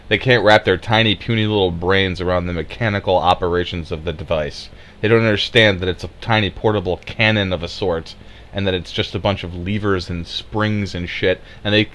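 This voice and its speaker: A man giving a sarcastic, profane political rant, rambling with fillers. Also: lowish voice. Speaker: video uploader and commentator.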